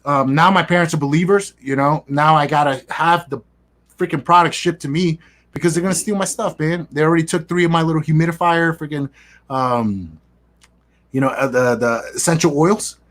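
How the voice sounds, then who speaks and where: A man's voice: fairly high pitch, normal speed. A young man telling a casual, profane story in an interview and acting out the dialogue. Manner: animated, profane, acts out quoted dialogue. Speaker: guest, business affiliate.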